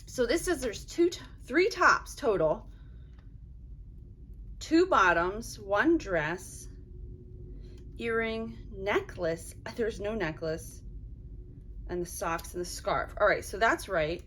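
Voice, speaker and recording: A woman's voice: medium pitch, animated, slow pace, pauses often, fairly bright tone, husky. Annoyed woman reviewing an unboxing. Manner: frustrated, fills talk with "like". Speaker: subscription box reviewer. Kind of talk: casual unboxing vlog.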